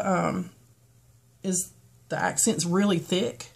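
In an unhurried, lowish voice, a woman from western North Carolina talks her way through getting ready on her beauty vlog. Her Southern foothills accent is toned down, and her casual chatter wanders, with frequent ums and restarts.

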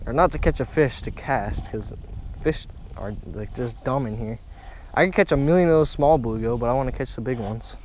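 A young man narrates his fishing trip to the camera in a casual, excitable way, repeating phrases and calling out to his viewers. His voice sits in an ordinary middle pitch. He is recorded outdoors by a pond with a light hiss of ambient noise behind him. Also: moderate pace. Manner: excitable, repeats himself, keeps saying "guys" and "oh my gosh". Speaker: fishing vlogger. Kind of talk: casual outdoor vlog commentary.

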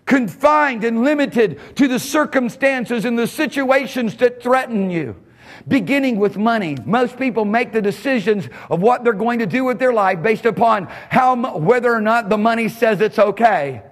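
At normal speed, a male pastor preaches passionately in a large hall during a church service. His delivery jumps from sudden shouts down to a quiet, low voice, with chuckles between phrases.

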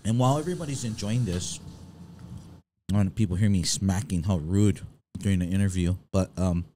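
A man co-hosting a casual chat, laid-back and joking, often pausing with fillers. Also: low voice, dark tone, a little hiss or hum. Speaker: co-host.

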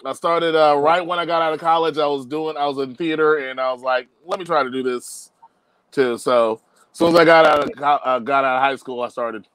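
A stand-up comedian in his thirties, from Liberia, who is animated and laughs through his punchlines. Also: on the high side, brisk, clear, resonant tone, no echo. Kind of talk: stand-up set and interview. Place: studio in Los Angeles.

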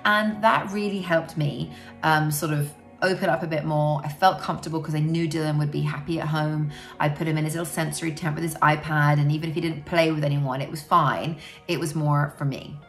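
Woman, low voice, gravelly fry, candid parent vlog, reflective, frank, filler-heavy talk. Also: fairly even intonation, fairly quick, faint music behind. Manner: reflective, frank, many "you know" fillers. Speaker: parent sharing personal experience. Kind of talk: candid personal talk to camera.

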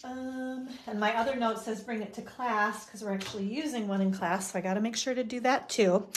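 Her voice fairly high and brisk with fairly even intonation, a middle-aged woman runs a live stamping demo over slight background noise. She chats and rambles casually, filling gaps with fillers and little laughs as she talks to herself.

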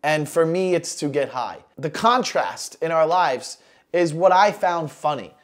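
40-something guy chatting loose about his comedy bit, voice on the higher side. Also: unhurried. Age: 40s. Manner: relaxed, conversational, with small restarts. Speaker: stand-up comedian. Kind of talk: casual talk explaining a joke.

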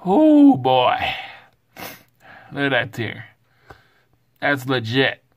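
A man's voice: medium pitch, huge pitch swings, extremely slow, lo-fi sound. A man vlogging casually while suffering from spicy heat, sighing and whooping between words. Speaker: food vlogger. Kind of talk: casual vlog.

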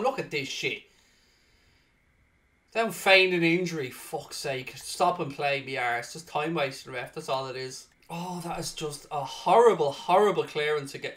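A man hosting and commentating on his own football video game, excitable and swearing loudly in frustrated outbursts, sounding tired. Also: fairly high pitch, unhurried. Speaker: gaming streamer and host. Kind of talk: live gaming commentary.

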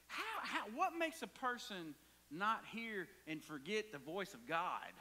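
A pastor preaching a sermon, dropping to hushed whispers and rising to hollers. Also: male voice, sits high, big pitch swings, measured pace, in a large hall.

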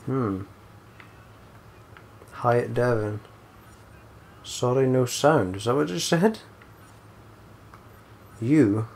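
This man is a let's play gamer whose commentary is loose and rambling, packed with swearing, jokes and bursts of singing. He drags out his words in a mid-range, darkish voice with vocal fry, leaving long pauses. Slight hiss or hum is audible.

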